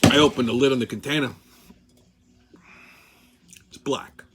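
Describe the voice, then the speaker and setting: A man's voice: medium pitch, fairly even intonation, a little slow, a bit bright, a little hiss or hum. A man hosting his own channel, telling a heated, profane story in a casual rant. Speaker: channel host.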